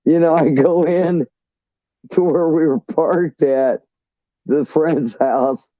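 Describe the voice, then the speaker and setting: A man's voice: a little high, slow, no echo. A man calling in to a talk show and telling a long, rambling, profane story, tripping over his words as he goes. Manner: rambling, profane, restarts often. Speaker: caller. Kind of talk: casual storytelling on a call-in show. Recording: dull lo-fi line.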